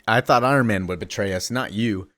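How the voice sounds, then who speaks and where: A man's voice: lowish voice, fairly quick, a bit bright, dry recording, studio quality, natural voice. A man doing a reproachful Hulk. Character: disappointed male Hulk, later weary Bruce.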